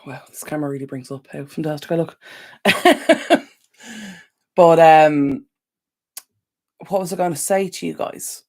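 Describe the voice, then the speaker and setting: Irish woman, low voice, chatty live-stream host, rambling and sympathetic to viewers. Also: a little slow, long pauses. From Ireland. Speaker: decluttering channel host. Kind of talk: casual live-stream chat.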